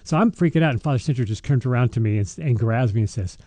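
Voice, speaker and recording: Speaking quickly and expressively at a medium pitch, this man's warm voice comes through with no echo. He's a deacon on a casual faith podcast, swapping stories about scripture and parish life, laughing a lot and often starting sentences over.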